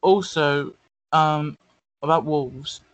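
Sceptical co-host, blunt casual football chat, dry close sound. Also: male voice, a little high, extremely slow, no room sound, dull audio. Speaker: podcast co-host.

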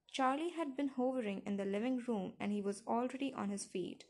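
A woman's voice: fairly high pitch, fairly quick, a little mellow. Woman reading an emotional first-person novel. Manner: intimate, emotional storytelling. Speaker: audiobook narrator.

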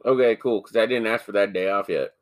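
A podcast co-host with a fairly low voice talks briskly in a casual chat, cracking crude jokes and swearing freely. The recording has no echo.

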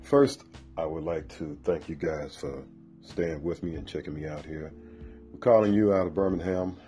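Deep-voiced enthusiastic man hosting a podcast. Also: steady tone, moderate pace, mellow, soft background music. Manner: enthusiastic, repetitive restarts. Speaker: podcast host. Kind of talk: casual promotional podcast talk. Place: Birmingham, Alabama.

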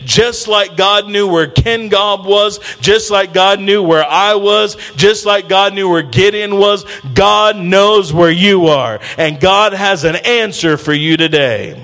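Emphatic preacher with a higher voice. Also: male voice, a little slow, hardly any pauses, pushed and bright. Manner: emphatic, call-and-response. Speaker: pastor. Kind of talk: sermon. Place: church.

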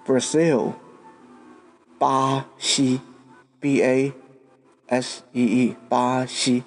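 Man, podcast host, language lesson, slow, patient, faint music underneath. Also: mid-range voice, level tone. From Taiwan. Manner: spells words letter by letter, patient.

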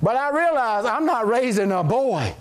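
Man, middle-aged pastor, high voice, very animated pitch, folksy joking sermon. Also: moderate pace. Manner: folksy, joking, calls out amen to the congregation. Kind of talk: sermon with scripture reading and prayer.

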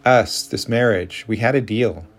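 A frustrated wife pleads with her husband, voiced by a man lifting his pitch. She sounds insistent and worn out, with a gravelly edge to the voice. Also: measured pace, faint music behind. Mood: pleading. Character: frustrated American wife, adult woman.

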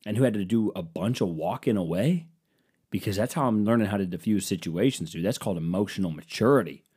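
A man's voice: lowish voice, warm tone, husky. A man in his twenties hosting his own podcast, delivering a sarcastic, rambling comedic monologue into a desk microphone at home. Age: 20s. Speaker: podcast host.

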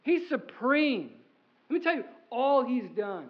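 A man's voice: extremely high pitch, big pitch swings, unhurried, full character voice. A man voicing Moses as an older man, earnestly retelling his people's hard journey in the first person. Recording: slightly muffled sermon audio.

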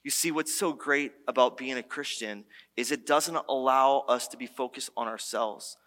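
A man preaches to his church in a loose, conversational way, stumbling and restarting as he tells stories. His voice sits at an ordinary mid pitch. The sanctuary leaves a long reverb tail on every phrase. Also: normal speed. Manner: conversational, animated storytelling with many restarts. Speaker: pastor. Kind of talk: sermon.

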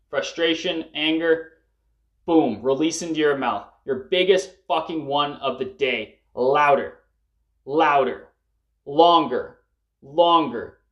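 A man's voice: a little high, fairly bright tone, dull audio. A man guiding listeners through a breathwork and emotional release session, coaching them urgently and swearing at the peaks. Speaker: breathwork facilitator.

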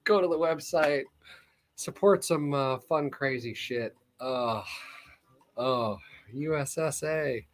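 A man hosting a podcast in casual chat, laughing often, swearing freely and getting excitable. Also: on the high side, slow. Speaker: podcast host.

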